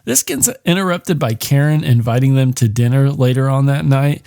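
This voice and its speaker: A man's voice: mid-range voice, lively intonation, moderate pace, vocal fry, dark tone, smooth, no echo, studio quality. A man hosting a podcast, casually recapping a film in a rambling, profane way with lots of fillers. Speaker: podcast host.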